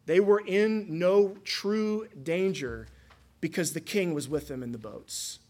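A man's voice: high voice, slow, a little mellow. A man preaching a sermon in an emphatic, conversational way, often checking in with his listeners through rhetorical questions. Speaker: pastor.

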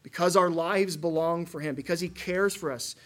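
A man's voice: a little high, moderate pace. A man preaching a sermon in an emphatic, conversational way, often checking in with his listeners through rhetorical questions. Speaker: pastor.

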